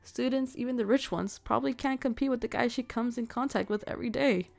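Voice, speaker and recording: A woman voicing a smug, gossipy schoolmate from a visual novel, talking loudly and knowingly. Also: on the high side, creaky. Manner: loud, brisk, knowing.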